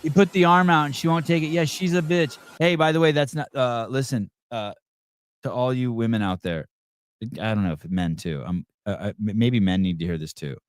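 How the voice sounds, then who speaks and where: A man's voice: mid-range voice, normal speed, dry recording, clean studio sound. A middle-aged man hosting a live call-in podcast, ranting bluntly and profanely with rambling restarts. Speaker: podcast host. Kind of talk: live call-in show commentary.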